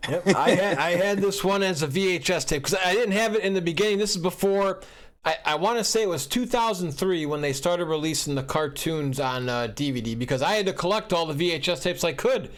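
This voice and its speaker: A man hosting a podcast, chatting in an animated way, laughing and asking his co-host questions. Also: sits high, a little fast. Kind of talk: casual podcast chat. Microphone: podcast microphone, audio only.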